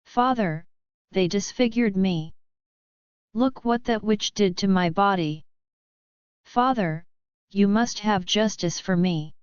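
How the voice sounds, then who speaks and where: A woman's voice: mid-range voice, slow, long pauses, clean tone, no echo, highs cut off, close to an everyday voice. A woman voicing a spoiled, demanding young princess who whines and pleads. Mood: pleading.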